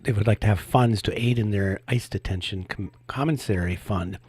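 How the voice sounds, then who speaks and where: A man co-hosting a casual political commentary show, skeptical and halting, with many restarts. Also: fairly low pitch, darkish tone, husky. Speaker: co-host.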